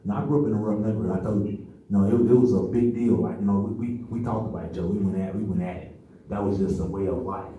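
A man's voice: lowish voice, fast talker, warm tone. A man in his thirties giving a personal testimony at a conference, telling his story conversationally and often checking in with the audience. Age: 30s. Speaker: conference speaker. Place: meeting room at a men's conference. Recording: echoey room, mic far off.

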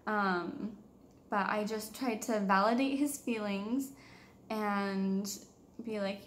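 A woman's voice: mid-range voice, slow, slight background noise. A young woman in her twenties, a mother vlogging, telling a personal story in a candid, casual way with many fillers.

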